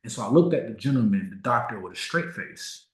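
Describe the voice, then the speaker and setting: A man in his thirties speaks as a motivational speaker, leaning hard on key words and drawing them out slowly for weight. His voice sits at an ordinary middle pitch and rings with a roomy echo. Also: animated. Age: 30s. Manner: emphatic, slows down to stress key words. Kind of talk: motivational talk with personal story.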